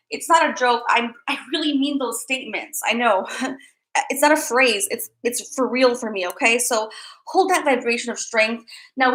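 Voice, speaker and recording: A woman's voice: on the high side, sharp tone, poor audio. A woman on a livestream, talking to her viewers as a psychic tarot reader, close to tears and earnestly repeating herself, at times dropping to a near whisper. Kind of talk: emotional livestream talk to viewers.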